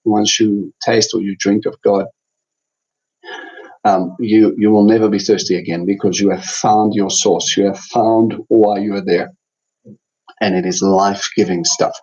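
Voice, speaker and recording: A man's voice: on the low side, little pitch movement, measured pace, a little mellow, lo-fi sound. A man teaching an online Bible study in a chatty way, with many fillers and restarts.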